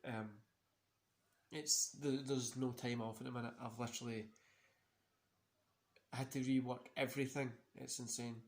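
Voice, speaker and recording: A man's voice: mid-range voice, little pitch movement, moderate pace, pauses often. Tired, rambling man in a roomy room. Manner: rambling, swears freely, many fillers. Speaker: host. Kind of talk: casual wrestling watch-along chat. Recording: roomy echo.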